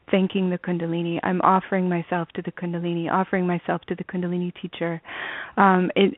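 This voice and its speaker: A woman's voice: on the low side, no echo. Earnest woman on a dry phone line. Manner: earnest, laughs readily. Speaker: student and guest. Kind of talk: interview over the phone.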